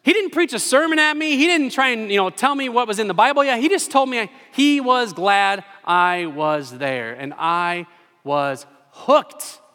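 A man in his forties preaching a sermon in a church, telling a personal story with animated, self-deprecating humor. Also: high voice, a little slow. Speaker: pastor. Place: church sanctuary. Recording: long reverb of a large hall.

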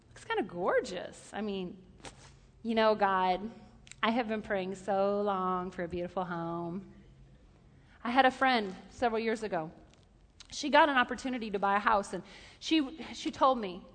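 Woman preacher, high and bright, animated storyteller, long hall echo. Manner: lively, repeats questions for emphasis, animated storytelling. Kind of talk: sermon.

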